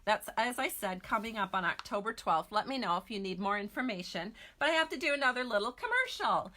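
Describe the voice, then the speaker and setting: A woman's voice: fairly high pitch, very animated, a little fast, sharp tone. A middle-aged woman from Minnesota hosting a casual craft product walkthrough, chatty and gushing, with frequent fillers. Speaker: host.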